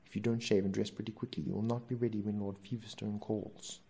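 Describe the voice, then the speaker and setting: A man's voice: fairly low pitch, flat delivery, fast, creaky, dark tone, slightly rough. A man reading aloud, voicing an annoyed young wife who answers in short, clipped replies. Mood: icy.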